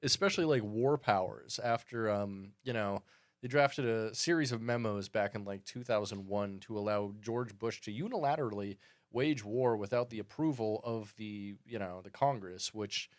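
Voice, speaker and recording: A man's voice: fairly low pitch, normal speed, dry recording. A man co-hosting a podcast in casual chat, wry and swearing, who explains things at length. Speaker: podcast co-host.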